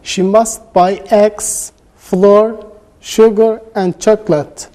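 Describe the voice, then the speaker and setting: Male student, warm mellow tone, slow deliberate answers. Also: high-pitched, flat delivery. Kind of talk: classroom practice dialogue.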